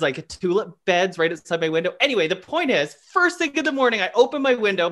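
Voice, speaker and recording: A man's voice: sits high, fairly bright tone. A man co-hosting a podcast, telling rambling personal stories in a playful, self-deprecating way. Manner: rambling, laughing storyteller. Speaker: podcast co-host. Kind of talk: casual chat.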